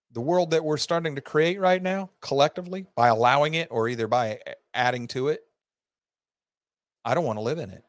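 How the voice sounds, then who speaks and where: A man's voice: medium pitch, no room sound. A man giving an earnest, rambling lecture to his class, with heated rhetorical questions. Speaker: teacher hosting an online class. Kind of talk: unscripted lecture to students.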